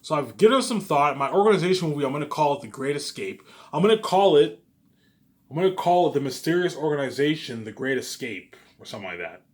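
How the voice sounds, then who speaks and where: A man's voice: a little high, sing-song, fast. A young man in a rambling casual monologue, boastful, swearing, repeating and restarting his phrases. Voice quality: repetitive, restarts phrases often. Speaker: vlogger pitching his movie ideas.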